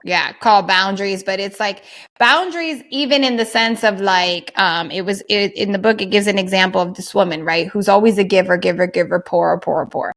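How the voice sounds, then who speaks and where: A woman co-hosting a casual podcast chat in a chatty, teasing manner. She explains her points through worked examples. Her voice has an ordinary middle pitch. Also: fairly quick, fairly bright tone. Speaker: podcast co-host.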